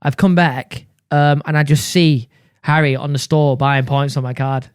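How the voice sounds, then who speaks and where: A man who is a guest on a podcast, talking in casual chat, quick and joking, laughing often. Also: a little high, little pitch movement, smooth, no echo, studio quality.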